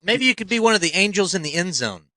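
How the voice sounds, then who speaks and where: A man co-hosts a comedy podcast and trades dry, deadpan jokes. His voice is bright and his pitch moves around a lot. The sound is dry and close. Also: quick pace, no room sound. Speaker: podcast co-host. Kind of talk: casual comedic chat.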